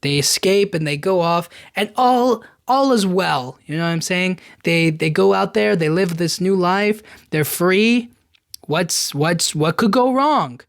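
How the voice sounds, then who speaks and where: A man's voice: sits high, animated, a little slow, creaky, no room sound, studio quality. A man hosting a podcast, casually retelling a movie plot in a rambling way full of fillers. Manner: rambling, filler-heavy retelling with frequent "you know what I mean". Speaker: podcast host. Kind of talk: casual film recap.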